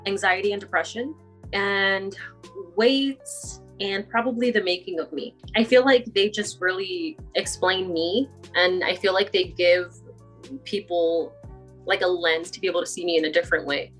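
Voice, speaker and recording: A woman's voice: on the low side, moderate pace, a bit bright. Chatty woman with light background music. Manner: chatty, laughs often, many fillers. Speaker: guest poet. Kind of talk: casual interview chat.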